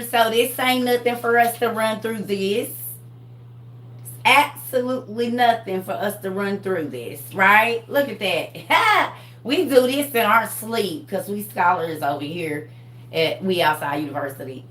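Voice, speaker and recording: A woman hosts a live online class in casual chat, animated, laughing and talking straight to her viewers. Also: mid-range voice, echoey room, a little hiss or hum. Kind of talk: casual livestream teaching chat.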